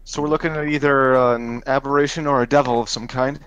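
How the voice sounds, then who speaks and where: A man's voice: medium pitch, steady tone, fast talker, fairly bright tone, muffled recording, slight background noise. A man playing a tabletop game, joking and theatrical in character. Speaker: player. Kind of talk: in-character tabletop role-play.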